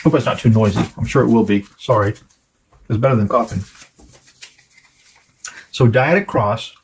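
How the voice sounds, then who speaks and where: A man giving a casual tarot reading to camera, halting now and then and chatting with his viewers. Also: mid-range voice, a little hiss or hum. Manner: halting, frequent fillers and restarts; chatty, asks viewers to comment. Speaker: tarot reader.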